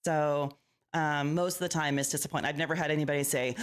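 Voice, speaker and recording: Woman guest, low voice, animated storyteller who acts out quotes. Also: quick pace. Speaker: paranormal investigator guest. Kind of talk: casual interview storytelling.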